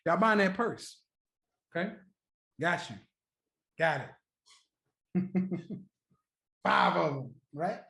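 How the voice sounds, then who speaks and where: A man hosting a trading livestream, chatting casually and profanely with viewers, joking, laughing often and repeating his points slowly. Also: sits high, expressive, creaky, sharp tone. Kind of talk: casual live-stream chat with viewers. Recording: roomy echo.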